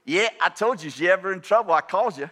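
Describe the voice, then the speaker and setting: A blunt, gruff old preacher, as a storyteller puts him on clips his words and drops his grammar. He repeats himself flatly and insistently, sitting a touch above an average man's pitch, with no warmth or politeness in it. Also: quick pace, heavily acted. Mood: matter-of-fact. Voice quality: clipped broken grammar, flat insistent delivery.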